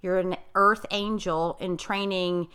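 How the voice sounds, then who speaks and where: Emphatic bright-voiced woman coach. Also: fairly low pitch, fairly even intonation, slow pace, smooth. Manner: emphatic, blunt, effusive. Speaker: life coach and podcast host. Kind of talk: casual podcast interview.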